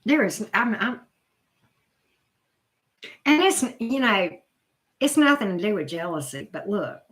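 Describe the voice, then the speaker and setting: In a mid-range, sing-song voice that's slightly bright, a middle-aged host takes her time reacting to her live chat. She's talkative, greets commenters by name, and exclaims frequently.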